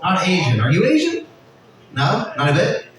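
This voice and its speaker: A man's voice: high-pitched, huge pitch swings, moderate pace. A man doing playful crowd-work stand-up at a small bar, teasing the audience. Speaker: amateur stand-up comedian. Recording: echoey bar from a distant mic.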